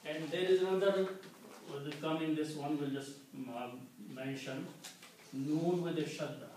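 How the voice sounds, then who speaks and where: A man teaching a classroom Quran lesson, explaining slowly and checking in with "okay" as he repeats each point. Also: a little high, fairly even intonation, a little mellow. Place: community center classroom. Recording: very echoey room, distant mic, faint noise.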